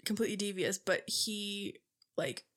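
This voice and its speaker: A woman's voice: mid-range voice, normal speed. A young woman co-hosting a podcast in casual chat, giggly and gushing, leaning on "like" a lot. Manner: giggly, gushing, heavy use of "like". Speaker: podcast co-host.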